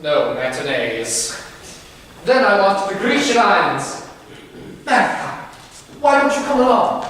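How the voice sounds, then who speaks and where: A young actor playing a flamboyant, vain English playwright on a live stage, drawling grandly in a put-on English accent, recorded in an echoey theater. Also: male voice, sits high, sing-song, slow pace, long pauses, a bit bright, slight background noise, heavily acted. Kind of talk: live amateur stage play. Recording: roomy hall recorded from far off.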